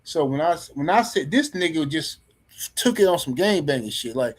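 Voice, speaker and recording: A middle-aged man on a podcast panel tells a story casually, in a blunt, profane and animated way, often restarting his sentences. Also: medium pitch, quick pace, a little hiss or hum.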